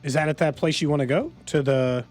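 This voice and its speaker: A man's voice: fairly high pitch, fairly quick, a little mellow, faint music behind. A man co-hosting a sports radio show, bantering and laughing in casual chat. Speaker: radio co-host.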